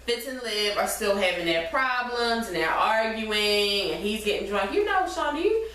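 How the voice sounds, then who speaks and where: A woman's voice: medium pitch, normal speed. A woman in casual chat, recapping a TV episode with a co-host and retelling its scenes. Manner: animated, swearing, retelling scenes in quoted voices. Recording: echoey room, far from the mic, faint noise.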